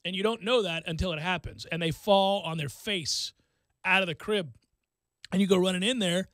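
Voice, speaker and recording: A man hosting a sports talk radio show in a studio, talking with animated emphasis and drifting away from his microphone. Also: sits high, moderate pace, dry recording.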